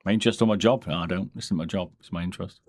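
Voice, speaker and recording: A man chatting casually on a live stream, rambling in a relaxed way as he answers questions from chat. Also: sits low, very fast, no room sound. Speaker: streamer and mouse modder. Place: home, during a live stream.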